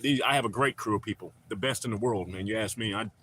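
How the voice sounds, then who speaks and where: A man's voice: fairly low pitch, quick pace, pushed and bright, slight background noise. A man, chatting loosely and profanely with viewers on a live stream. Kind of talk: casual live-stream chat.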